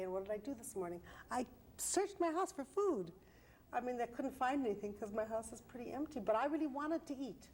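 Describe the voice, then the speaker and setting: A woman's voice: medium pitch, a little mellow, a little hiss or hum. Reflective middle-aged woman, hesitant ums. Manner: reflective and candid, many hesitant "um"s. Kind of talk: televised panel discussion.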